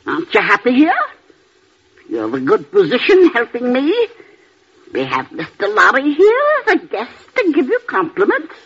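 An actress playing a domineering, sarcastic old aunt who is an invalid, in a vintage radio drama. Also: female voice, a little high, wildly swooping pitch, moderate pace, breathy edge, full character voice. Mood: scolding. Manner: sharp, scolding, sarcastic. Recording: muffled old radio recording.

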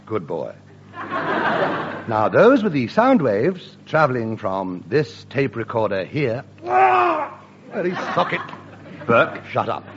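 A man performing radio sketch comedy, with a deadpan mock-lecturing delivery. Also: mid-range voice, slow pace, a loud crowd. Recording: dull hissy old radio recording.

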